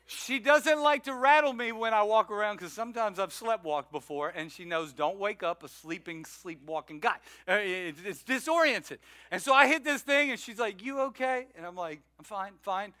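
Pastor, male, unusually high, bright tone, lively self-mocking sermon storytelling. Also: moderate pace, dry recording. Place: church sanctuary.

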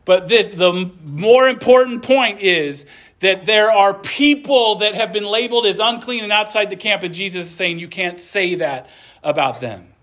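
A man's voice: high-pitched, moderate pace, a bit bright. A man preaching a sermon in a church, earnest and conversational, with asides to the congregation. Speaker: pastor.

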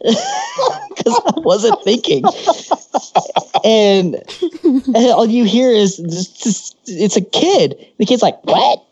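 A man's voice: extremely high pitch, huge pitch swings, slow pace, long pauses, a little mellow, breathy edge, muffled recording. A man co-hosting a podcast, telling crude stories casually, swearing freely and laughing often. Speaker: podcast co-host.

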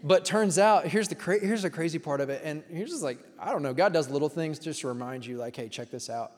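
Male pastor, casual conversational sermon, storytelling, questions the congregation, slightly high voice, long hall reverb. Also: brisk, a little mellow.

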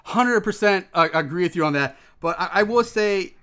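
High bright-voiced guy rambling through a movie recap, swears a lot, laughs a bunch. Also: expressive, moderate pace, clear, resonant tone. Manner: rambling, profane, laughs often, acts out characters' lines. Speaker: podcast co-host recapping a film. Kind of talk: casual movie recap chat.

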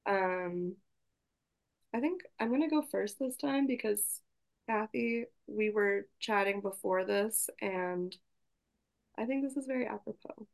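Upbeat woman podcast host with a gravelly, fry-heavy voice, steering a friendly chat. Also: medium pitch, unhurried. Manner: upbeat and encouraging, leading the conversation.

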